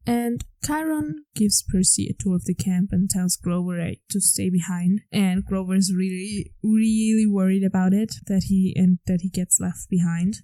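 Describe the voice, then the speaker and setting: Chatty woman with a dark, mellow voice. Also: medium pitch, dry recording, poor audio. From grew up on a farm. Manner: chatty, enthusiastic, many "like" fillers. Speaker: podcast host. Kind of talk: casual episode recap.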